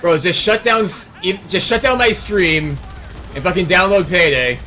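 A young man streaming a video game, joking loudly and swearing at his chat. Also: high voice, moderate pace, a little hiss or hum. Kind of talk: casual profane let's-play commentary.

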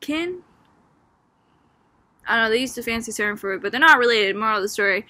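Bright, chatty young woman from Boston. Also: on the high side, steady tone, rapid-fire, dry recording. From Boston, Massachusetts. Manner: chatty, filler-heavy with frequent "like" and "um"; amused, laughing as she talks. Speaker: student. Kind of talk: casual book discussion.

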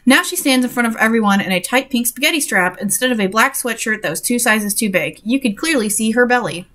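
A woman's voice: on the high side, expressive, a little fast, fairly bright tone. Sarcastic woman reading a story aloud. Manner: sarcastic and exasperated. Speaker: reader and commentator.

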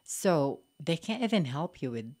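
A young woman with a Filipino accent speaks in a strikingly low-pitched voice. She talks candidly and reflectively as a podcast guest, leaning on "like" and "you know" and laughing easily. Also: sing-song, unhurried, darkish tone. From Philippines. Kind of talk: casual interview conversation.

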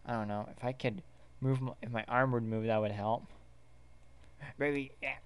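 A man's voice: medium pitch, fairly even intonation, normal speed, smooth. A man acting in an amateur fan series, talking in a hesitant, stammering, confused way.

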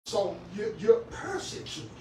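A man's voice: high-pitched, very animated, unhurried, distant mic, background noise. Fervent preacher man in echoey church. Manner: swings from quiet talk to fervent shouting; stammers and repeats words. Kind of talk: sermon. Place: church sanctuary.

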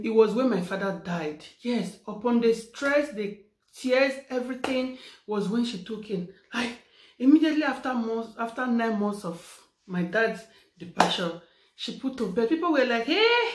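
A woman's voice: a little high, expressive, normal speed. A woman, talking fervently in a birthday vlog, repeating her phrases and praying aloud. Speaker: vlogger. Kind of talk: heartfelt birthday vlog with prayers. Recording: echoey room.

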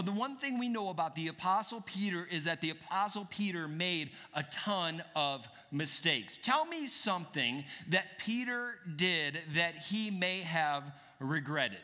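Animated preacher, high bright voice. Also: male voice. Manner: animated, asks the congregation questions. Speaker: pastor. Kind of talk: sermon. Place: church sanctuary. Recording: church hall reverb.

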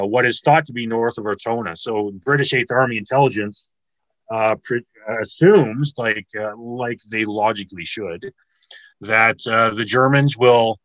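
A man's voice: on the low side, a bit bright, no echo, rough recording. A man giving an online military history lecture over a video call, explaining step by step with fillers and restarts.

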